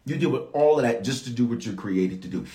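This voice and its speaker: A man's voice: mid-range voice, fast, echoey room. A man preaching a sermon as bishop, calling out to his congregation for response. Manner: animated, calls out to the congregation for response.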